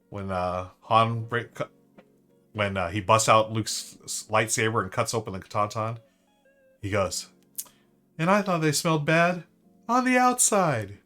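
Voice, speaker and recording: A man's voice: medium pitch, a bit bright. A man hosting a live-stream trivia board game, chatting upbeat and thinking aloud to his viewers.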